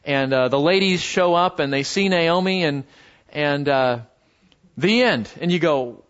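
A pastor preaching a sermon in a conversational way, with many fillers and repeated words, and sudden high jumps in pitch when he quotes someone. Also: a little slow, a bit bright, clean tone, muffled recording. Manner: voices biblical figures with sudden pitch jumps.

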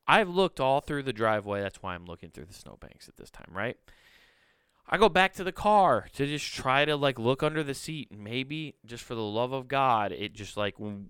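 A man's voice: mid-range voice, a bit bright, clean tone, dry recording, clean studio sound. A young man hosting a podcast, telling a story in an exasperated, profane rant. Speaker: podcast host. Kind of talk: casual solo storytelling.

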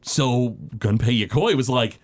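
A man's voice: medium pitch, measured pace. A man co-hosting a casual podcast chat, talking in loose rambling sentences full of fillers and restarts. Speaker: podcast co-host.

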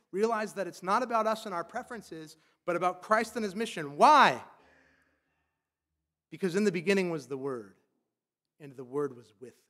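A man's voice: sits high, a bit bright. A man preaching a sermon as a pastor, emphatic and loose, often saying "like".

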